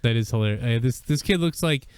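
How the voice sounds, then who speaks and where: A man's voice: mid-range voice, lively intonation, quick pace, a little mellow, clean tone. A man hosting a casual review chat and joking in crude banter.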